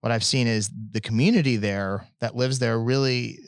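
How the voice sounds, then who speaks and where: A man's voice: medium pitch, steady tone, moderate pace, clear, resonant tone, no room sound. Young guy rambling on a podcast, restarts a lot, laughs, dry close sound. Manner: rambling, self-interrupting, laughs often. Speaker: podcast guest. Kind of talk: casual chat.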